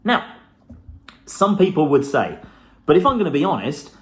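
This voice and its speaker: A man's voice: on the high side, big pitch swings, normal speed. A middle-aged man giving a blunt, profane motivational talk to camera, with the odd laugh. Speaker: self-help vlogger.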